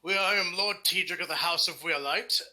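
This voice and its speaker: Bright-voiced man playing a formal noble. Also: sits high, fairly quick. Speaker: player. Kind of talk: playing a noble in a tabletop game.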